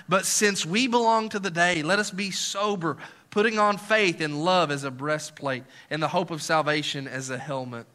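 A middle-aged male pastor with a high voice preaches a sermon. He swings between soft, intimate lines and loud, excited ones, dropping in joking asides.

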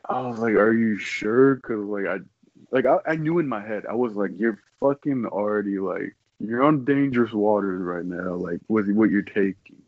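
A man's voice: fairly low pitch, moderate pace, no room sound, narrow, tinny audio. A young man, a podcast co-host, talking in loose, profane, amused casual chat.

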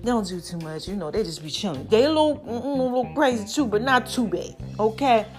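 A woman's voice: fairly high pitch, animated, fast, a little mellow, faint music behind. A woman, chatting to her followers in a casual monologue, a bit out of breath and calling them y'all and baby. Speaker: social media personality.

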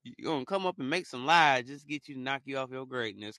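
A man's voice: medium pitch, expressive, fast, sharp tone, no room sound, studio quality. A young man talking casually in a rambling motivational monologue, joking and laughing as he mocks the people who envy success. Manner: rambling, joking, laughs often, mocks haters in put-on voices. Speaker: podcast host.

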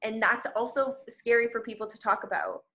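A woman's voice: fairly high pitch, brisk, pushed and bright. A woman guest on a podcast, speaking candidly and from the heart about her personal experience. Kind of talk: personal storytelling in conversation.

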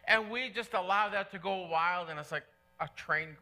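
A man's voice: high-pitched, normal speed, sharp tone. A middle-aged male pastor preaching a sermon in church, earnest and conversational, repeating key phrases for emphasis.

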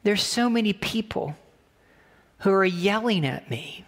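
A man's voice: high-pitched, animated, unhurried, fairly bright tone, big-room sound. A man voicing a tearful, upset woman churchgoer who pleads with her pastor, in a distressed voice.

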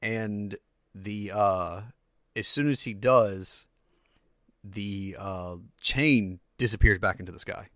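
A man with a lowish, bright, forward voice runs a tabletop game, narrating the scene in loose, rambling sentences packed with "uh" and "like". The sound is dry and close, with no room around it. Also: slow, no room sound. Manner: rambling, filler-heavy narration. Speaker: game master.

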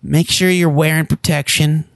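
A man's voice: a little high, steady tone, moderate pace, vocal fry, fairly bright tone, dry recording, clean studio sound. A man voicing a nervous, evasive young boy who stammers and hesitates, in an improvised comedy sketch. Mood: hesitant.

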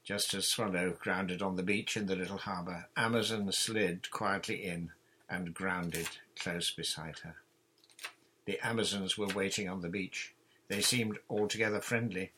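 A man reading a children's adventure novel aloud in a steady, measured storybook narration. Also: low voice, a little hiss or hum. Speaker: audiobook reader.

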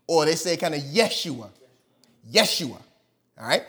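A man's voice: high-pitched, expressive, normal speed, a bit bright. A male pastor preaching a sermon, emphatic, repeating key words and putting questions to his congregation.

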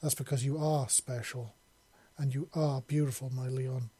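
A man's voice: mid-range voice, fairly even intonation, normal speed, dark tone, husky, dry recording, lightly acted. A man voicing a lovestruck, devoted and possessive female dragon-woman in an audiobook, making earnest, tender declarations. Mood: adoring. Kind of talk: audiobook character voice.

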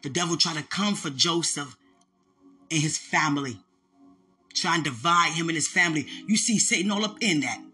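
Fervent preacher, bright voice, faint music. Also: moderate pace. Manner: fervent, call-and-response preaching; swings from high and loud to low and hushed. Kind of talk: sermon.

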